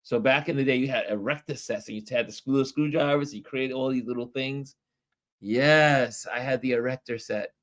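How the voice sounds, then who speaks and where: A middle-aged man hosting a livestream, reading viewer comments aloud in casual chat, animated and nostalgic and quick to laugh. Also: medium pitch. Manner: laughs often, animated and nostalgic, stretches words.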